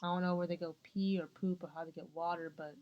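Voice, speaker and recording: A woman's voice: on the low side, steady tone, fast. Rambling, giggly young woman vlogger. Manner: rambling, giggly, self-interrupting. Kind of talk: rambling casual storytelling. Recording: dull lo-fi sound.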